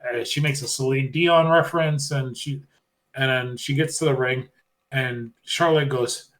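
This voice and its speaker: A man's voice: medium pitch, normal speed. A man co-hosting a podcast, casually recapping a show and acting out what people said. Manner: animated retelling, acting out quotes. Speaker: podcast co-host. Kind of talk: casual wrestling recap chat.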